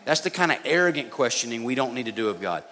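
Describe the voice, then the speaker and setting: A man's voice: mid-range voice, very animated, fast, bright, forceful tone. A man preaching a sermon, speaking conversationally and addressing his listeners directly as guys. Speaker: pastor. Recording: long reverb of a hall, faint noise.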